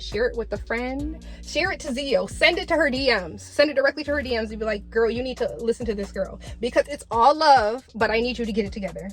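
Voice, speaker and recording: A woman talks straight to camera in a casual commentary vlog, her fairly high voice carrying a blunt, exasperated tough-love tone. She swears freely as she lectures. Faint music plays underneath. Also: fairly bright tone. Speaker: commentary vlogger.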